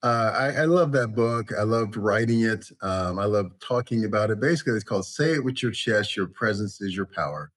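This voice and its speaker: Middle-aged man as podcast guest, low voice, unhurried anecdotes, dry close recording. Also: a bit bright, no room sound. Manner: measured, storytelling, frequent "you know". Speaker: college president, guest. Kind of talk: podcast interview.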